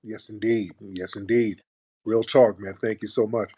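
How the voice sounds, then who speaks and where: A man hosting a call-in radio show, ranting forcefully and arguing with callers. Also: moderate pace, slightly rough. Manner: forceful, combative, mocks callers in a high put-on voice. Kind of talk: heated call-in commentary.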